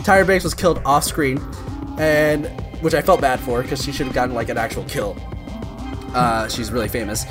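A woman's voice: rumbling low, normal speed. Woman rambling through a movie plot on a podcast, does the voices, laughs a lot, music playing behind. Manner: rambling retelling, acts out quotes, laughs often. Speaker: podcast co-host. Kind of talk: casual movie recap chat.

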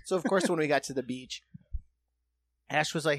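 A man co-hosting a podcast, telling a story in casual chat and acting out the voices and shouts of the people in it. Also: on the high side, brisk, creaky. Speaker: podcast co-host.

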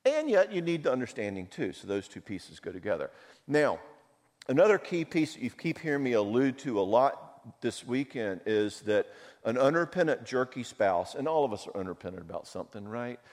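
Man, marriage counselor, seminar talk, conversational, storytelling, middle pitch, long hall echo. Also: very animated, normal speed, a little mellow. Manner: conversational, storytelling, self-mocking.

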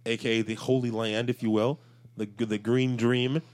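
A man's voice: mid-range voice, flat delivery, normal speed, darkish tone. A man co-hosting a podcast, telling stories in rambling casual chat, full of fillers and swearing. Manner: rambling storyteller, swears freely, many fillers. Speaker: podcast co-host.

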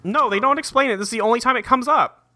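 A man co-hosting a casual podcast, recapping a cartoon episode in a profane, joking way and tossing in quick quoted lines. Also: very high-pitched, sharp tone. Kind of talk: casual chat.

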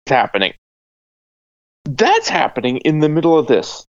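A guest in a casual panel discussion, rambling and animated with lots of likes and I-means. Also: mid-range voice, moderate pace, lo-fi sound.

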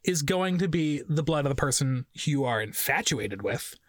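Theatrical, animated man podcast guest. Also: on the high side, moderate pace, no room sound. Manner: theatrical, playful, mock-grand. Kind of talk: casual podcast chat. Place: small closet studio.

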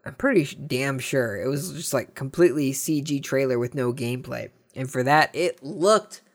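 A man's voice: mid-range voice, moderate pace. An American man giving casual commentary on video game news, rambling and trailing off mid-sentence, with dry sarcastic asides. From United States. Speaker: host.

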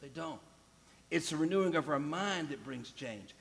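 A man's voice: a little high, lively intonation, normal speed, vocal fry. A man preaching a sermon to a congregation, emphatic and repeating key phrases, speaking to the listeners directly. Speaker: pastor. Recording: long hall reverb.

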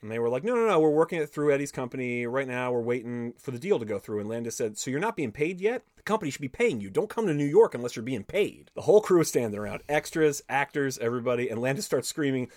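A podcast host reads an interview aloud, full of swearing and quoted back-and-forth. His voice sits at an ordinary middle pitch, recorded dry and close with no room around it. He stops now and then to add his own remarks. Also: fast, hardly any pauses, no echo. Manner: animated, profane storytelling, switching between reading and commenting.

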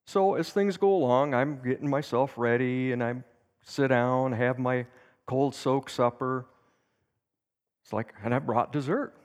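Guy telling a camping story at church, relaxed folksy delivery, echoey sanctuary. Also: medium pitch, unhurried. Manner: anecdotal, folksy, with lively acted quotes. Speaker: teacher in a church service. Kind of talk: storytelling sermon teaching.

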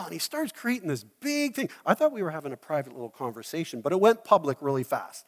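A man preaching a sermon as a pastor, telling the story in an animated way and acting out the scenes. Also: fairly high pitch, fast, big-room sound. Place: church hall.

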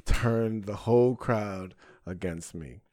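A young man, a comedian and podcast host, telling a profane, animated story in casual chat. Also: fairly low pitch, slow pace, no room sound, clean studio sound. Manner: profane, animated storytelling with frequent "bro" and "right?".

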